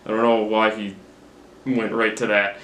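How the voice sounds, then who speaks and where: Recorded on a camera mic in a roomy space with slight hiss or hum, this young man reviews a movie he's just watched. His fairly bright voice is on the low side, level in tone and at normal speed, as he rambles, swears, and mocks himself.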